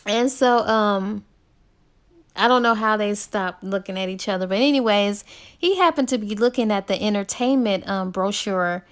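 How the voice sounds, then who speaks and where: A woman's voice: medium pitch, normal speed, smooth. A woman casually retelling a novel's plot as a book reviewer, chatty and laid-back, full of ums and likes.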